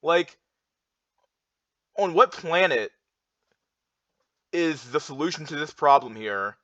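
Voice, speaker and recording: A man's voice: fairly high pitch, animated, slow, sharp tone, dry recording. Heated young man ranting, dull dry audio. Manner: heated, repetitive, filler-heavy with many restarts. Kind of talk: ranting monologue reacting to charts.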